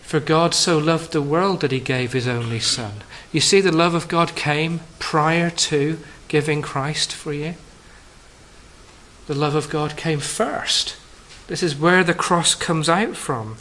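A preacher takes his sermon slowly, treating the congregation as friends and lifting his voice for emphasis before dropping soft and low on key lines. There's a little hiss or hum on the poor audio.

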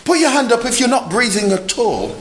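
A man preaching a lively sermon, asking the congregation questions and joking with them. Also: very high-pitched, brisk, roomy sound, slight background noise, rough recording. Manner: animated, asks the congregation questions, jokes. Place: church.

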